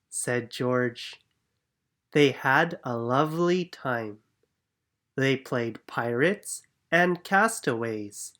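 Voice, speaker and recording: A calm storybook reader narrating a children's picture book. Every word is spoken very slowly and clearly, at an unhurried bedtime pace. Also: mid-range voice.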